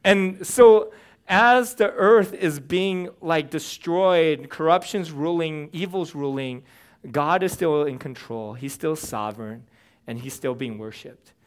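A young man preaching in an easygoing, conversational way, animated and joking at times. His voice is smooth and clear, sitting a little high for a man. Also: takes it slowly. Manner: conversational, animated, with fillers and humor. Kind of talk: casual sermon.

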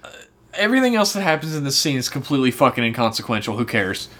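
A man's voice: medium pitch, very animated, quick pace, a bit bright. A man co-hosting a casual podcast, recapping a TV episode with sarcastic, profane commentary. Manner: profane, sarcastic, acts out characters' lines. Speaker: podcast co-host.

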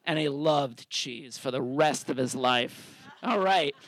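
A man's voice: medium pitch, slow, a bit bright. A man hosting a live story slam, telling a comic personal story and acting out the quotes in it with big swings of his voice. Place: theater stage.

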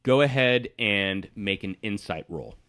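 A man narrating a tabletop game as game master, relaxed and descriptive with small hesitations. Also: on the low side, a little slow.

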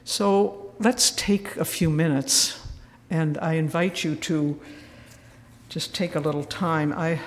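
Leading a spiritual retreat, a woman shares a personal story gently and earnestly, with a touch of wry humor. She speaks slowly in a deep voice with fairly even intonation, and the church around her adds a long, lingering reverb.

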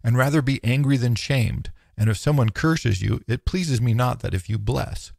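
A man reading a philosophical text aloud in a measured, solemn, declaiming way, close to the mic. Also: mid-range voice, creaky, a little mellow, dry recording. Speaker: narrator.

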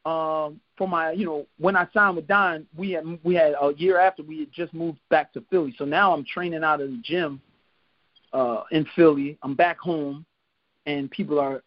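Laughing often and acting out quotes, a high-voiced retired boxer from Philadelphia, USA, tells stories animatedly in a casual podcast interview where he's the guest. His pace is moderate, there's no room sound, and the audio is dull and lo-fi.

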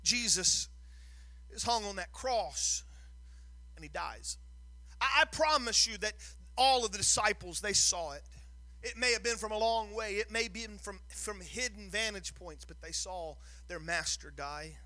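A man's voice: high-pitched, unhurried, sharp tone, dry recording. A man preaching a sermon, telling the story with drama and rising to a sing-song, emphatic delivery, often repeating words as he builds. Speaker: pastor.

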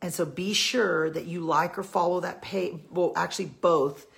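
A woman's voice: on the low side, fairly even intonation, moderate pace, creaky. A woman giving a heartfelt faith talk to her women followers, earnest and pleading, repeating her key lines for emphasis. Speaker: Christian women's encourager.

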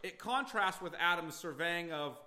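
Bright-voiced man preaching emphatically. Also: on the high side, lively intonation, normal speed. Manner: emphatic, repeats phrases for stress. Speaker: pastor. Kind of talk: expository sermon. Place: church sanctuary.

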